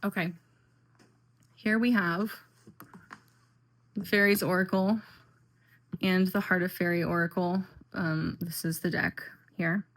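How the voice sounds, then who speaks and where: A woman's voice: fairly low pitch, fairly even intonation, takes it slowly, pauses often. A woman vlogging in a chatty, rambling way, talking casually and filling her sentences with "um" and "like". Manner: chatty and rambling, with frequent fillers and "like". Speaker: tarot and oracle deck vlogger. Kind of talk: casual chat.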